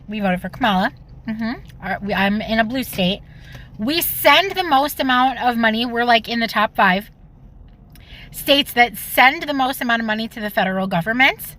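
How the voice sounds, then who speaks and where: Woman from Illinois, higher pitch, bright edge, indignant mocking rant into a phone. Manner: indignant, mocking, rapid bursts. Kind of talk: social media reaction rant.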